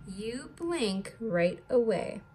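Slow, patient woman teacher spelling. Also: fairly high pitch, big pitch swings, mellow, a little hiss or hum. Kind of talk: recorded distance-learning lesson.

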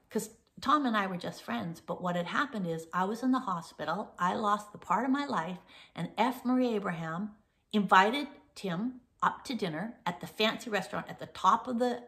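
A woman's voice: mid-range voice, normal speed, a bit bright. An older woman hosting a casual show, telling a long personal story in a rambling way with many fillers and restarts. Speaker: host.

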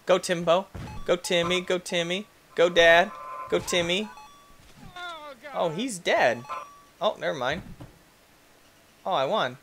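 A young man giving excitable let's-play commentary as a gaming YouTuber, yelping and shrieking when things go wrong. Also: high voice, takes it slowly, pauses often, soft background music. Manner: excitable, yelps and shrieks at in-game deaths.

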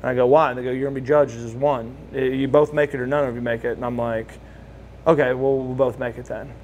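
Fast and medium-pitched, this forties-aged ex-wrestler tells stories in a laid-back shoot interview. He's animated, acting out the voices of people he quotes, with slight background noise behind him.

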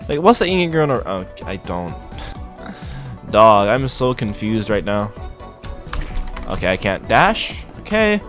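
A man's voice: fairly low pitch, big pitch swings, measured pace, long pauses, fairly bright tone, soft background music. A young man giving gameplay commentary, exasperated and incredulous, tossing "bro" into most lines. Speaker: gaming YouTuber.

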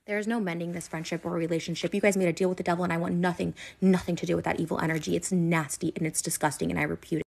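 A woman's voice: on the low side, steady tone, very fast, gravelly, few pauses. A woman in an emotional rant straight to camera, upset and hurt, rambling with lots of "like" and restarts. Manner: rambling, filler-heavy, restarts and repeats. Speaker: internet personality.

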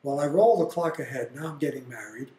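An older man being interviewed, telling family stories in a blunt, animated way. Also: mid-range voice, a little fast. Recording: roomy echo.

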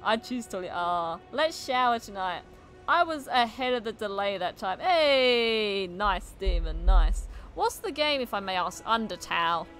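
A woman's voice: medium pitch, lively intonation, normal speed, fairly bright tone, soft background music. A woman streaming a video game live, chatting casually and nonstop with her viewers. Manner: chatty, talks to chat while playing.

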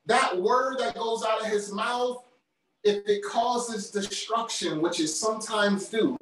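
Slow, emphatic male preacher in an echoey hall. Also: high voice, a bit bright, slight background noise. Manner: emphatic, repeats key phrases. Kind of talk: sermon. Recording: very echoey, from far off.

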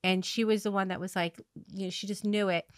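A woman hosting a podcast, telling a long story in a rambling way, with many fillers and restarts, laughing at her own dark humor. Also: mid-range voice, fairly even intonation, a little fast, clean tone, no echo, studio quality. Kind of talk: casual conversational storytelling.

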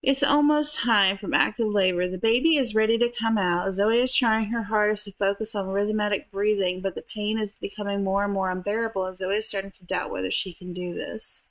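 A woman's voice: medium pitch, fairly even intonation, brisk, hardly any pauses, rough recording. A woman giving casual, chatty commentary while playing a life-simulation game, full of fillers and giggles. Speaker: gaming youtuber.

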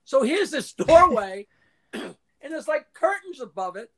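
An older man, a guest in a casual interview, tells long anecdotes full of restarts, swearing and acted-out quotes, clearing his throat now and then. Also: very high-pitched, very animated, a little slow, a bit bright. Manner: profane, frequently clears throat.

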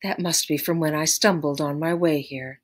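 A woman's voice: deep voice, fairly even intonation, moderate pace. A woman voicing a bold, cunning woman detective working undercover in a storybook, coaxing and firm. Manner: coaxing then sharp and urgent.

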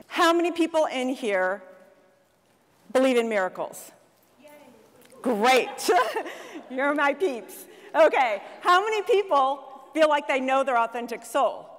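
A middle-aged woman life coach giving a lively motivational talk to an audience, telling stories and asking the crowd questions. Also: high voice, a little slow. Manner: storytelling, animated, asks the audience questions. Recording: long hall reverb from a stage.

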